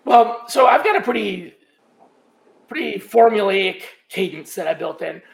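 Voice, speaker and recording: A man with a high voice, edged with creaky fry, talks casually as a podcast guest. He explains his methods step by step and often restarts his sentences. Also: lively intonation, a little slow. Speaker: guest, sourcing trainer.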